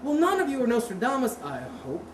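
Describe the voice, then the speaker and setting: A woman's voice: high-pitched, quick pace, a crowd in the background. A woman teaching a martial arts seminar, talking casually, quizzing the class and correcting herself. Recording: roomy echo with steady background noise.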